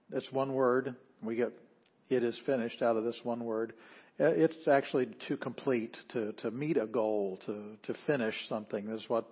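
Man, teacher, classroom lecture, raspy voice, muffled recording. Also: medium pitch. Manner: explains step by step, restarts phrases. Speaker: Greek teacher.

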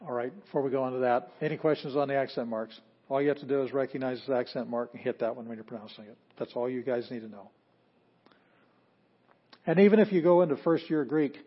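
A man teaching a classroom lesson, talking things through in an easygoing, plainspoken way and chuckling at his own asides. His voice sits in a middle pitch. The recording is a bit muffled and lo-fi. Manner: relaxed, chuckling, plainspoken, with fillers. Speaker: Greek teacher. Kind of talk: classroom lecture.

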